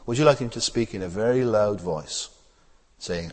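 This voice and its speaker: A man's voice: fairly low pitch, normal speed, darkish tone, long reverb tail. A man preaching a sermon in a plain, conversational way, with many rhetorical tag questions and frequent hesitations and repeated words.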